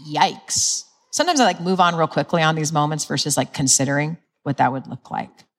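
Woman preacher, chatty and animated, slightly low voice, laughs a lot. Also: fairly quick. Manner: conversational, animated, laughs often, acts out quotes. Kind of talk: sermon.

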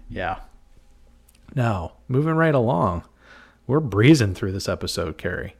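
A man hosting a casual film-review podcast, relaxed and laughing often as he retells scenes. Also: on the low side, a little slow, long pauses. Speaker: podcast host. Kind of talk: casual chat.

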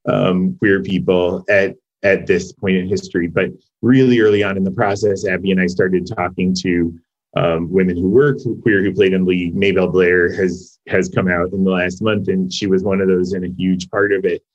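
A man with a deep, low voice speaks in a relaxed interview. He is a series co-creator and talks thoughtfully, often backing up to restart a sentence. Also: moderate pace, muffled recording. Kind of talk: casual interview talk.

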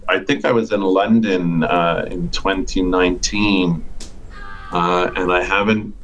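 A Canadian man with a very deep voice chats as a podcast guest. He talks in an easygoing way, pausing on fillers as he thinks. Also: steady tone, fairly bright tone, dull audio, a little hiss or hum. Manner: easygoing, hesitant with many uhs. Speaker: guest actor. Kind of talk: casual podcast chat.

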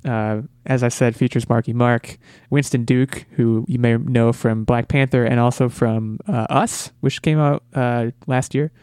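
A man's voice: mid-range voice, steady tone, unhurried, hardly any pauses, darkish tone, clear, resonant tone, no echo, clean studio sound. A man hosting a casual movie podcast, talking eagerly and often repeating words as he restarts. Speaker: podcast host.

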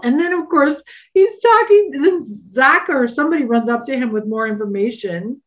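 A woman's voice: a little high, sing-song, fairly quick, a bit bright. Wry chatty woman podcast co-host. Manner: chatty and wry, with frequent filler words. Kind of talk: casual episode recap.

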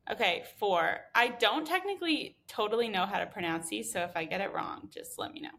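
A woman's voice: mid-range voice, sing-song, fairly quick, fairly bright tone. A woman hosting a food podcast, upbeat and giggly in casual interview chat. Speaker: podcast host.

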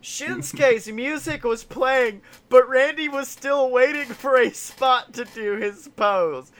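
A young man chatting casually on a podcast about wrestling, animated, laughing often and swearing freely as he acts out other people. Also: extremely high pitch, slow pace. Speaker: podcast co-host.

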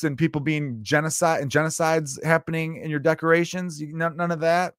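A man's voice: on the high side, steady tone, a little fast, hardly any pauses, fairly bright tone, clear, resonant tone, no echo, studio quality. A man delivering a profane, sarcastic comedic rant as a podcast host, mocking people and swearing constantly.

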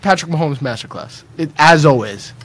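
A man's voice: fairly high pitch, lively intonation, brisk, fairly bright tone, breathy edge, dry recording. Confident man making bold picks. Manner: confident, emphatic predictions. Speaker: podcast co-host. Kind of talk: casual sports podcast chat.

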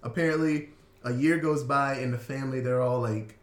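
A man co-hosting a casual podcast, telling the story with animated quoted lines. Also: medium pitch, normal speed, roomy sound. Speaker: podcast co-host. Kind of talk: casual chat.

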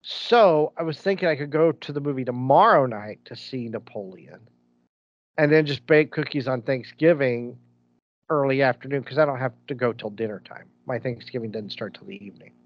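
A man's voice: medium pitch, lively intonation, moderate pace, no room sound, highs cut off. A man co-hosting a podcast, rambling through movie recaps in casual chat and laughing as he goes. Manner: rambling, restarts, laughs while telling stories. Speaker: podcast co-host.

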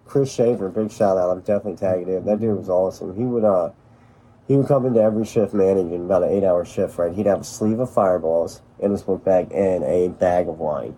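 A man's voice: sits low, a little fast, warm tone, breathy edge. A man hosts a casual chat from an outdoor hot tub, telling rambling, profane stories. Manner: rambling, profane, laid-back storytelling. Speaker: podcast host.

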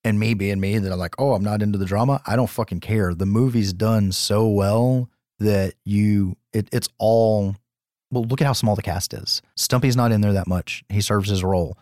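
A man co-hosting a podcast, recapping a horror film in a casual, profane, animated way. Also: lowish voice, moderate pace, no echo, studio quality. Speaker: podcast co-host. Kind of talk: casual chat.

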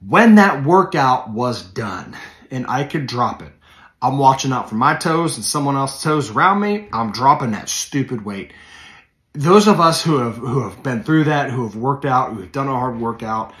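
A man's voice: medium pitch, lively intonation, moderate pace, a bit bright. A preacher in his forties talks through his podcast in an easy, rambling way, full of ums and restarts. He stresses the words he cares about. His mid-range voice sounds roomy, with the walls coming back on it. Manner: conversational, many fillers and self-corrections, leans in on key phrases. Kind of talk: casual devotional podcast talk.

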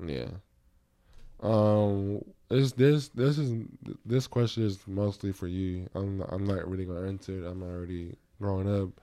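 A man's voice: deep voice, steady tone, measured pace, mellow. A man hosting a podcast in casual chat, reflective and rambling, with many fillers and restarts. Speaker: podcast host.

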